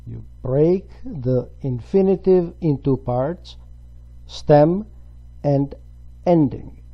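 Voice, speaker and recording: A man's voice: fairly high pitch, very slow, muffled recording. A man teaching a grammar lesson, explaining patiently step by step. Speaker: Italian language teacher.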